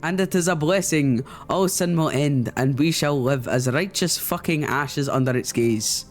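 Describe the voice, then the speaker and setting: A man's voice: on the high side, a little slow, faint music behind, lightly acted. A man doing a grandiose sun-worshipping cultist. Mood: preachy. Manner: grandiose, sermonizing, swears mid-speech. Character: preachy sun-worshipping male cultist visitor.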